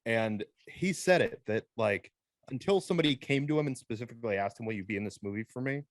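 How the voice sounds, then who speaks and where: A man's voice: medium pitch, animated, fast talker, dry recording. A man chatting casually and reflectively as a podcast co-host. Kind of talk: casual chat.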